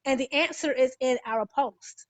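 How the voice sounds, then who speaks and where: A woman with a high voice shares her testimony earnestly, stopping and restarting as she goes. Her voice sounds close and dry. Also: no room sound. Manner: earnest, halting, many "you know" fillers. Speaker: guest giving a testimony. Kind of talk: casual faith-filled testimony.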